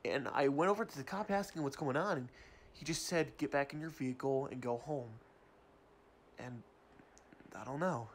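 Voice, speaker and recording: A man's voice: medium pitch, moderate pace, pauses often, slight background noise, close to an everyday voice. A man voicing an angry office worker who was just fired, swearing and stumbling over his words. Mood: storytelling. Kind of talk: amateur game-video voice acting.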